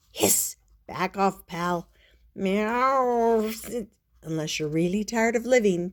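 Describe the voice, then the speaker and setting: An older woman reading aloud voices a grumpy, hungry female house cat who mixes meows and hisses into her complaints. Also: mid-range voice. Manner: yowling meows and hisses mixed with grumbling complaints.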